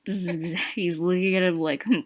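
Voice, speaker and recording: A woman's voice: on the low side, level tone, a little fast, a loud crowd. A woman co-hosting a podcast, joking around in casual chat and laughing often. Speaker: podcast co-host.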